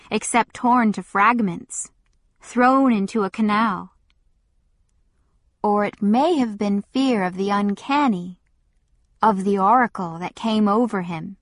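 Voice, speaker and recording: A woman narrating a novel in a measured, deliberate first-person reading. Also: mid-range voice, no echo. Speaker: audiobook narrator. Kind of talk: scripted narration.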